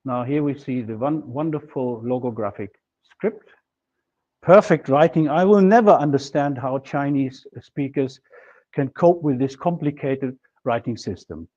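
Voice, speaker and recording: A man's voice: medium pitch, unhurried, mellow. Man lecturing, muffled recording. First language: German. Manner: methodical, explaining with worked examples. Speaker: linguistics lecturer. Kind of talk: university lecture.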